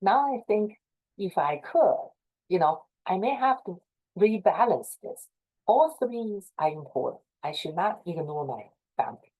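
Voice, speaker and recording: A woman's voice: medium pitch, big pitch swings, a little slow, phone-quality sound. Earnest woman with a Chinese accent. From China. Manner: earnest, repetitive, encouraging. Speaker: presenter advising association leaders. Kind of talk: informal talk to a professional group.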